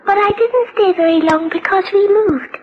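A woman's voice: very high voice, moderate pace. Rich: An actress playing a five-year-old girl in a radio drama. She prattles earnestly, like a small child. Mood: innocent chatter. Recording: dull lo-fi old radio recording.

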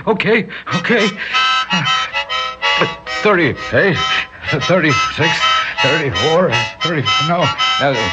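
An actor playing a lonely old shopkeeper who stammers and pleads in fear, in a radio drama. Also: male voice, on the high side, animated, takes it slowly. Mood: nervous. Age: older. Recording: dull lo-fi old radio recording with loud music.

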